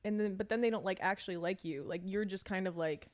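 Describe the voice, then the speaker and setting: A woman's voice: medium pitch, quick pace. Candid young woman in casual chat. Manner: candid, swearing, self-mocking. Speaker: podcast co-host.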